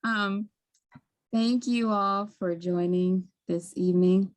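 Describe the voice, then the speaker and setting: A woman's voice: mid-range voice, fairly even intonation, takes it slowly. A woman with a Baltimore accent hosting a live webinar over a video call, chatty and friendly with many ums. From Maryland, US. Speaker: webinar host, community health worker.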